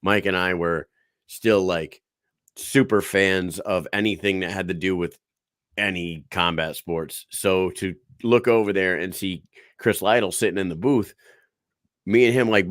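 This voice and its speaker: A man with a lowish voice co-hosts a podcast and tells a bar story with lots of swearing. His voice is recorded dry and close, with no room sound. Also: moderate pace, no echo. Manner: profane, animated storyteller. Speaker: podcast co-host. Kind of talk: casual podcast chat.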